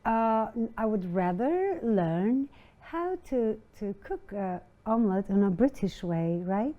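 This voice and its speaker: A woman's voice: mid-range voice, animated, slow, phone-quality sound. A woman, a guest on a live cooking segment, giving short and playful replies.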